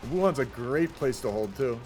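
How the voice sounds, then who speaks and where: A man's voice: mid-range voice, expressive, normal speed, darkish tone. A young man giving casual, rambling commentary on a multiplayer strategy game, often saying "y'all". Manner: chatty, rambling, says "y'all". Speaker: game caster.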